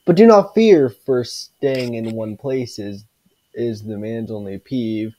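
A man reading a creepy rhyming storybook aloud, slowly and stumbling over words. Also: mid-range voice, mellow, voice pushed down. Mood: eerie. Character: spooky storybook narrator.

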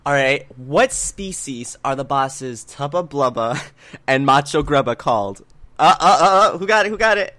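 A man's voice: mid-range voice, expressive, normal speed, pushed and bright. A man hosting a casual podcast quiz game, often laughing and breaking composure while reading questions.

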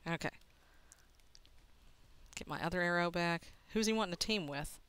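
A young woman talking to herself while she plays a game, swearing often and muttering quietly between excited outbursts. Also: fairly low pitch, moderate pace, clean tone. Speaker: gaming video host. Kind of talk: casual let's-play commentary.

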